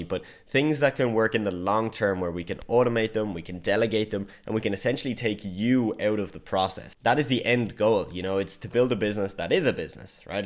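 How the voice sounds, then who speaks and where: Emphatic man coaching on marketing. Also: fairly low pitch. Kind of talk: online business lesson.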